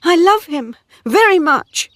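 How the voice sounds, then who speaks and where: A woman's voice: very high-pitched, lively intonation, unhurried, a bit bright, dry recording, studio quality, pitched above the performer's own voice, heavily acted. A woman reader voicing a spirited young woman farmer in an earnest, pleading way. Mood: distressed. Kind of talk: dramatic story reading.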